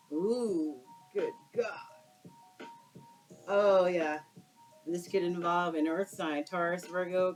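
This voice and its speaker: A woman's voice: lowish voice, darkish tone, low-quality recording. A woman doing a casual tarot card reading for her viewers, exclaiming and using slang as she turns the cards. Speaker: tarot reader.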